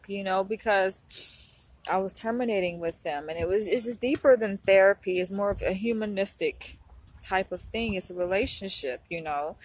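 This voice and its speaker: Young adult woman, crying through a heartfelt, rambling vlog; mid-range voice. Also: mid-range voice. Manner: tearful, heartfelt, rambling with many fillers. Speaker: vlogger and doctoral psychology student. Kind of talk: emotional casual vlog talk.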